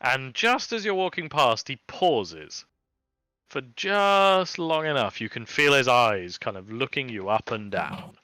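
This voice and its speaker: A man narrating a tabletop game as dungeon master, relaxed and chatty with lots of fillers. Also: mid-range voice, a little slow, clean tone, no room sound.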